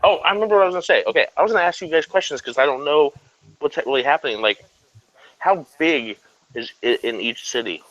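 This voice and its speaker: Rowdy joking guy, bright voice that swoops all over, kinda lo-fi chat audio. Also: on the high side, animated, quick pace. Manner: rowdy, joking, swears freely. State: short on sleep. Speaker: panelist on a voice chat. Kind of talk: casual chat.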